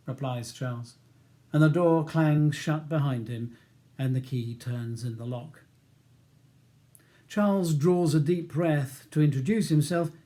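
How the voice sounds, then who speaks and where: A man reading his own novel aloud as an audiobook, in a measured, even narration. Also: medium pitch.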